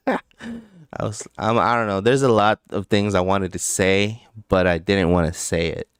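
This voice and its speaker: A man's voice: on the low side, lively intonation, unhurried, clear, resonant tone, no echo, studio quality. A man hosting a casual live stream about crypto trading, rambling, laughing often and swearing freely. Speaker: crypto trading livestream host.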